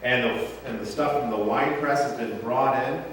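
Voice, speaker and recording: A man's voice: medium pitch, moderate pace, fairly bright tone, slight background noise. Joking male pastor in an echoey church. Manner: casual, joking and conversational, asking the congregation questions. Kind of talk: sermon. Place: church sanctuary. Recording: echoey church hall from far off.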